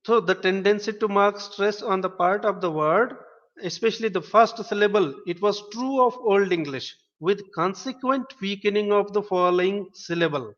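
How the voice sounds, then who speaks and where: Male webinar lecturer, high voice, patient step-by-step explainer who spells words aloud; reverberant hall sound. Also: normal speed, fairly bright tone. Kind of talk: online linguistics lecture. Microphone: webinar stream. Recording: dull lo-fi audio with long reverb.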